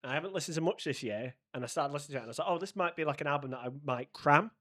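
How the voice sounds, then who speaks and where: A man tells a travel story in a casual podcast chat. His voice sits a little high, and he plays out every exchange he recounts in an animated way. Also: very fast. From Manchester, England. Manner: animated, acts out quoted voices in his anecdotes. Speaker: podcast co-host.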